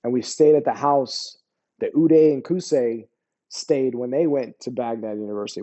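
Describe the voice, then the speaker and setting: A man's voice: medium pitch, mellow, highs cut off. A middle-aged American man, an army veteran, telling war stories in a casual interview, laid-back and slangy, often saying "bro" and "you know what I mean.". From United States.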